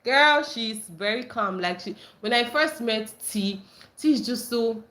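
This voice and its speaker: A woman's voice: fairly high pitch, a little slow. Bubbly woman hosting a live chat. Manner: animated, laughs often, squeals greetings to viewers. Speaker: livestream host. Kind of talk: casual live chat reading comments.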